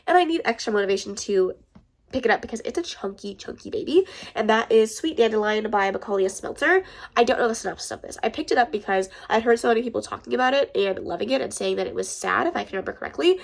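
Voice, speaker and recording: Fast-talking stuffed-up woman gushing. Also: a little high, animated, vocal fry. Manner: gushing, chatty, swears casually. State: stuffed-up nose. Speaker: book vlogger. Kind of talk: casual chat.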